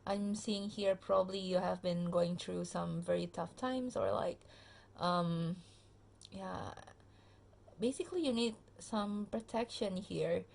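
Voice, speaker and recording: A woman's voice: on the low side, fairly even intonation, slow, vocal fry, a little mellow. A tired woman giving a casual pick-a-card tarot reading to her viewers into a phone camera, chatty and full of fillers, speaking straight to the listener. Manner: chatty, many fillers and restarts, addresses viewer directly. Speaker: tarot reader.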